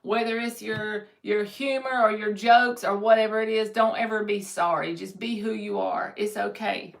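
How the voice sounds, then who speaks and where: A woman's voice: mid-range voice, steady tone, moderate pace, creaky. A woman giving a live-streamed tarot reading, reading viewers' comments aloud and answering them in an upbeat, encouraging way. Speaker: tarot reader.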